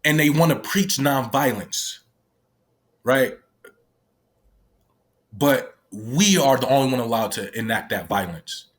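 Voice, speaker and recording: A man giving a candid personal account of his time as a youth detention worker, halting and restarting often and swearing freely. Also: medium pitch, animated, fairly bright tone. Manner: profane, halting speech with many restarts.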